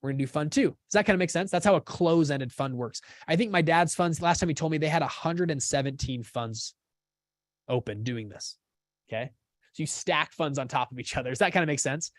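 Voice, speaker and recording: A man's voice: fairly high pitch, brisk, dry recording, clean studio sound. A man hosting a live teaching session, casual and upbeat, often checking that listeners follow along. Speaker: course host.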